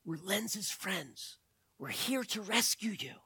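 A man doing a hushed, trusting young leader. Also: mid-range voice, lively intonation, unhurried, slightly rough, dry recording.

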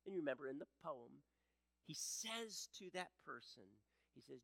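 Pastor guy preaching to his church, voice jumps all over, gets loud then goes real quiet, dry sound. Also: a little high, animated, moderate pace, vocal fry, dry recording, poor audio. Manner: impassioned, swings between loud emphasis and hushed softness; repeats words while building a point. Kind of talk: sermon.

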